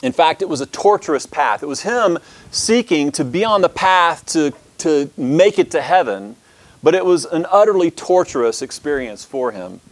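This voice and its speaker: A man's voice: on the high side, animated, normal speed, no room sound. A man teaching a church history lesson, who talks with many restarts and fillers and reads long passages aloud.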